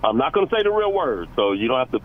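A man calling into a sports radio show, ranting excitably and stumbling over repeated words. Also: mid-range voice, fast, phone-quality sound, a little hiss or hum. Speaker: caller.

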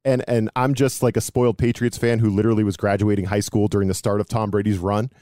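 A man's voice: fairly low pitch, flat delivery, mellow, dry recording, clean studio sound. Chatty man hosting a sports podcast. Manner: chatty, self-deprecating, quick asides. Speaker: podcast host. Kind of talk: casual sports podcast chat.

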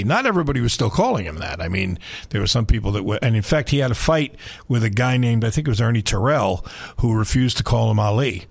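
Gravelly, animated older male radio host. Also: medium pitch. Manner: animated, laughing storyteller. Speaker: radio sports talk host. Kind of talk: storytelling on talk radio.

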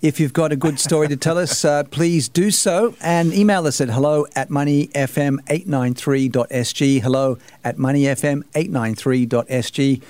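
A man's voice: fairly high pitch, moderate pace, hardly any pauses, darkish tone, no room sound. An Australian man in his sixties, a radio host telling a funny story in casual chat, laughing now and then. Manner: laughs while telling stories.

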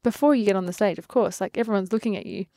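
An Australian woman in her twenties, a fitness trainer, tells her stories in an interview with lively, animated delivery and frequent laughter. Her voice sits at a middling pitch. The sound is dry and close, with no room echo. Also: racing. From Australia (Adelaide). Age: 20s. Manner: lively storytelling, acts out quotes, laughs often. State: pregnant. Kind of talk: casual interview.

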